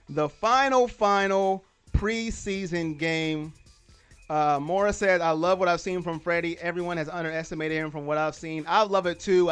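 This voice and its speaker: A man hosts a casual live football podcast, his voice sitting high and bouncing with excitement. He rambles, repeats points, and pokes fun at his own mistakes, with faint music playing underneath. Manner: excitable, self-deprecating, repeats himself. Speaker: podcast host. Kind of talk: casual live sports chat.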